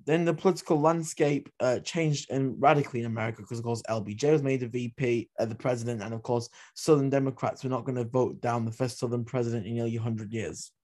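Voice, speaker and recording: A man's voice: mid-range voice, steady tone, fast, hardly any pauses, a little mellow. A man hosting a history podcast, retelling events with passionate, opinionated asides. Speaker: podcast host.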